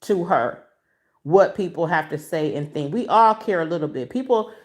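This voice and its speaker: Expressive woman chatting on a livestream. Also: fairly low pitch, moderate pace. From Michigan. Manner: emotional, expressive and preachy, addresses viewers as y'all. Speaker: livestream host. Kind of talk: casual livestream commentary to a chat. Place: at home, walking around. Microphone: phone held in hand.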